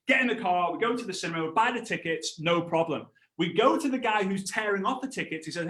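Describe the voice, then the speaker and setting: Man, thirties, motivational trainer, high voice, roomy echo. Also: animated, fast, hardly any pauses. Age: 30s. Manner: storytelling, acts out voices, shouts and laughs. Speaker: network marketing trainer. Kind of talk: animated motivational training talk.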